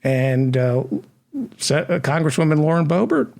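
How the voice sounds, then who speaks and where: A man hosting a satirical comedy news show, delivering sardonic, deadpan asides. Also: fairly high pitch, moderate pace, gravelly.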